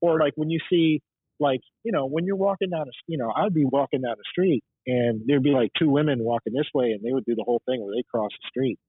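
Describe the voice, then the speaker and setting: A man's voice: medium pitch, quick pace, slightly rough, no echo. A man who works as a diver, telling rambling casual stories as a podcast guest, with lots of fillers and restarts. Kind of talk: casual storytelling chat. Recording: tinny phone-like line, dry.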